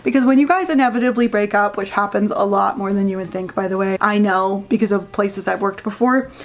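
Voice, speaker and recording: A woman's voice: medium pitch, a little fast. A woman giving a casual, sarcastic rant review of a book, swearing freely and sounding exasperated.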